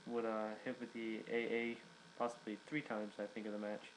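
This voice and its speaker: Young male reviewer, rambling casual recap, low monotone voice. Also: normal speed, a little hiss or hum, low-quality recording. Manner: rambling, many fillers and restarts. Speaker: wrestling reviewer.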